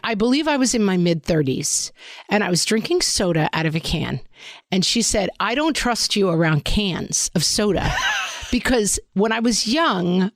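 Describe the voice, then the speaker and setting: A woman's voice: mid-range voice, no echo, studio quality. A woman co-hosting a podcast, telling wry, self-deprecating stories in casual chat. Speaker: podcast co-host.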